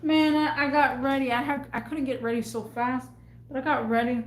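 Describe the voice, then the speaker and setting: A young woman with a fairly high voice rambles through an exasperated rant. She vents casually to her viewers as a vlogger. Her voice bounces around an echoey room at home. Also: fairly even intonation, moderate pace, slight background noise.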